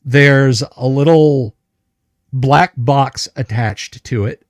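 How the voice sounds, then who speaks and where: A male game master narrates a tabletop livestream at an unhurried, deliberate pace. He circles through fillers and restarts as he describes each object, and his voice sits in the middle of the range. The sound is dry and close, with no room around it. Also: medium pitch, no room sound. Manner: hesitant, many fillers and restarts; describes items slowly and carefully.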